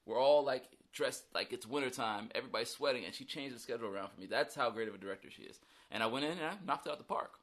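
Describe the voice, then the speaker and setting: A man's voice: medium pitch, racing, hardly any pauses, fairly bright tone. A man who is an actor, chatting casually and jokingly about a film role in an interview. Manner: rambling, joking, self-deprecating. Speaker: actor guest.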